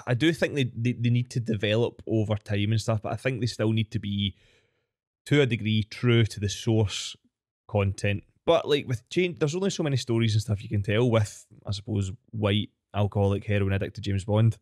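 A man's voice: lowish voice, normal speed, a little mellow, no echo, clean studio sound. A man co-hosting a podcast, reflective and hedging, with a wry edge. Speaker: podcast co-host. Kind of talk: casual chat.

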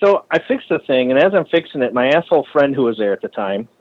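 A man's voice: mid-range voice, big pitch swings, fast talker, highs cut off. A custom bicycle frame builder, a man telling stories in a casual podcast interview, swearing freely and ranting heatedly.

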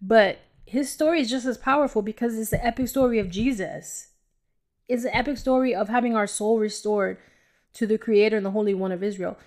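A woman's voice: a little high, fairly quick, a little mellow. A woman hosting a podcast, telling her personal faith testimony in an emotional, rambling way and talking straight to her listeners, sometimes dropping to a whisper. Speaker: podcast host. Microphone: audio-only home recording.

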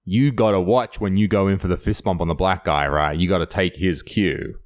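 Australian male comedian, lowish voice, animated sweary anecdotes. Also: a little fast. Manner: animated storytelling with swearing and laughter. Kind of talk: casual chat.

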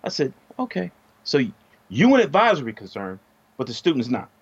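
A middle-aged man telling a story in casual podcast chat, profane and animated, his voice jumping up when he gets heated. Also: medium pitch, brisk, slightly rough, dry recording, lo-fi sound. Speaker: podcast co-host.

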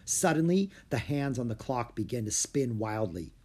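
Expressive man reading a children's story. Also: mid-range voice, moderate pace, husky. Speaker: audiobook narrator.

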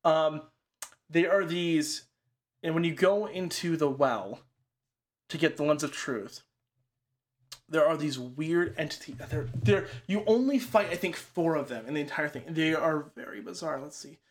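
A man with a voice a bit higher than most men's talks loosely through a horror film plot. He rambles, fills his sentences with "like" and swears casually. It is relaxed, unscripted chat between friends. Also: unhurried.

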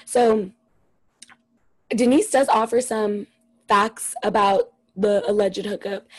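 A woman's voice: mid-range voice, a little mellow, slightly rough, dry recording, rough recording. A young woman co-hosting a podcast, chatting casually and ranting with lots of swearing about a reality show. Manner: profane, exasperated, ranting. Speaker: podcast co-host.

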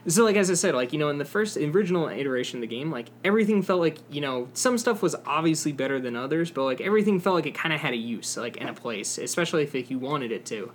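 A young man talks through a gaming story in a loose, rambling way, full of fillers and cursing. His voice sits a little high for a man. A faint hiss runs under the recording. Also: lively intonation, fast, few pauses. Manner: rambling, swears a lot, many fillers. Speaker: podcast co-host. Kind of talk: casual gaming chat.

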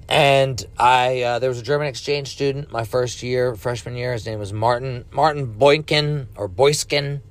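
A man's voice: medium pitch, fairly even intonation, moderate pace, few pauses. A man in his thirties hosting a podcast alone, rambling casually and swearing freely. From United States. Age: 30s. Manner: rambling, profane, laid-back. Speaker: podcast host. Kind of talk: casual solo podcast monologue.

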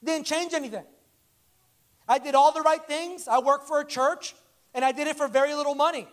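A man preaching a conversational sermon, telling stories in an animated way and acting out the dialogue. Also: extremely high pitch, a little fast.

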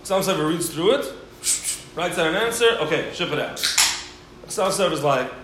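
Animated man lecturing in an echoey room. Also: fairly high pitch, fairly quick. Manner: animated storyteller, acting out quoted voices. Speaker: rabbi teaching a class. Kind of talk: Torah lecture with storytelling. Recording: very echoey room, faint background hiss.

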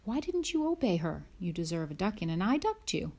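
A woman's voice: lowish voice, sing-song, brisk, darkish tone, slightly rough, heavily acted. A woman voicing a hearty pioneer father who talks in a teasing, firm way.

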